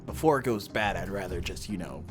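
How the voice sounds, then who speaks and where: A man's voice: low-pitched, animated, a little fast, music in the background. A man as game master of a tabletop game, narrating in a laid-back way with many fillers.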